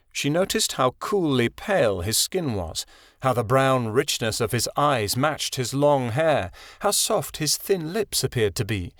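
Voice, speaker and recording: Expressive male audiobook narrator. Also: mid-range voice, no room sound, studio quality. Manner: expressive storytelling reading. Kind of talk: scripted fantasy audiobook narration.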